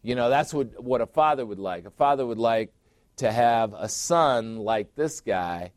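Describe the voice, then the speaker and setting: Middle-aged pastor preaching emphatically. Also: male voice, medium pitch, lively intonation, a little slow, no echo, clean studio sound. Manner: emphatic, repeats phrases and asks the audience questions. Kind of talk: sermon.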